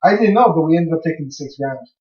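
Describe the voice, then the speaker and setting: Young male co-host, slightly high voice, loose swearing storyteller; dull lo-fi sound, distant from the mic. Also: expressive, fast. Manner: rambling, swears freely, acts out his own past lines. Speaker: podcast co-host. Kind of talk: casual storytelling. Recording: echoey room, far from mic, dull lo-fi.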